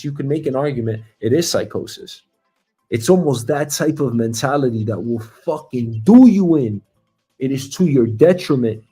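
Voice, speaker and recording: A man hosts his own show with a casual, wandering monologue, thinking out loud and circling back on his questions. His voice is mellow and unhurried, with a steady mid pitch and the odd curse word. Faint music plays underneath. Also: slightly rough. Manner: reflective, profane, rambling with many fillers. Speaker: show host.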